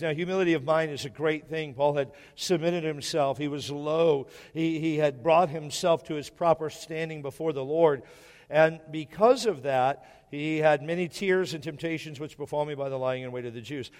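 Brief: male pastor, slightly high voice, preaches with repetition and questions to the room, reverberant church hall. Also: moderate pace, a little mellow. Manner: repeats key phrases, asks the congregation questions. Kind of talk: sermon. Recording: echoey hall.

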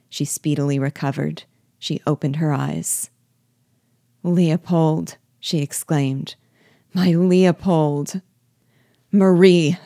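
A woman giving a measured, steady narration of a classic novel as the host of a reading series. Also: low-pitched, no echo, studio quality.

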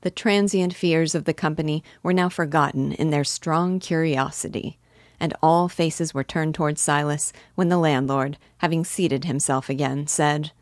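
A woman teacher reading a classic novel aloud in measured narration. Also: low-pitched, fairly even intonation, no echo, studio quality. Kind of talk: audiobook narration.

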